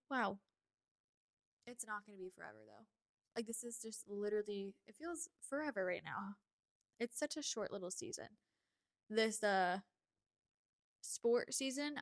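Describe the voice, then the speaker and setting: A young woman hosting a podcast, chatting casually and confidingly, with frequent laughs and breathy sighs. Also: mid-range voice. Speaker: podcast host. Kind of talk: casual chat.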